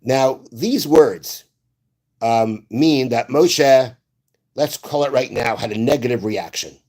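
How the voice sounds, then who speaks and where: Un hombre da una clase religiosa como rabino y explica los versos con calma, citando textos antiguos y repitiendo frases para aclararlas. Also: male voice, medium pitch. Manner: explains slowly, repeats phrases, quotes Hebrew verses. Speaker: rabbi. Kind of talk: Torah class.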